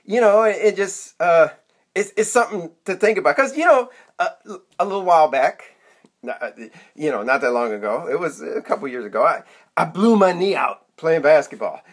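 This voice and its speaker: A man's voice: a little high, lively intonation, normal speed, breathy edge. A man in his sixties telling a rambling comic monologue to camera, chatty and self-mocking, drifting off into side stories. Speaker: comedic vlogger.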